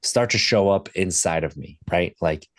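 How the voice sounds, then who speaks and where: A man talking as a podcast guest, telling a candid personal story in a reflective, halting way with restarts. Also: sits low, fairly bright tone, no room sound, studio quality.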